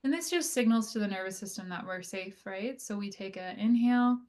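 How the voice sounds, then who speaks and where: A woman occupational therapist talks through a health lecture in an easygoing, conversational way, often checking in with "right?" and "like". Her pitch sits in the middle of the usual range for a woman. She slows her pace when she walks listeners through slow breathing. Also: a little mellow. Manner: conversational, frequent "right?" and "like" fillers. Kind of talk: casual educational lecture.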